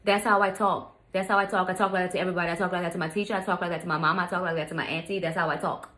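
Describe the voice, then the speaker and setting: A woman's voice: lowish voice, steady tone, very fast, fairly bright tone, lightly acted. A woman voicing a sassy teenage girl talking back to her father with a curt, mocking attitude. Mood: snippy.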